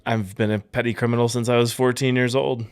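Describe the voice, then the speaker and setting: A man's voice: medium pitch, little pitch movement, a little fast, clean tone. A man playing a tabletop game who talks in a casual, joking way and often answers tersely. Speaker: player.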